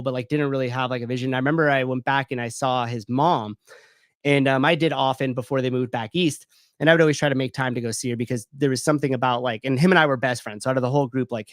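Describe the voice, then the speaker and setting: A man's voice: medium pitch, no room sound, clean studio sound. A man in his thirties, a gym owner, telling a personal story in a loose, candid way, full of fillers and swearing. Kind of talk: casual storytelling.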